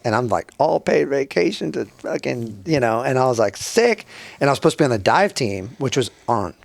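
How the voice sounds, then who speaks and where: A man at a mid-range pitch, chatting as a podcast guest. He rambles with frequent fillers and drops plenty of swear words. His talk is loose and conversational. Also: big pitch swings, brisk, creaky, dry recording. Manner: rambling, with many fillers and profanity. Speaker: podcast guest, former Navy bomb-disposal tech. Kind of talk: casual podcast chat.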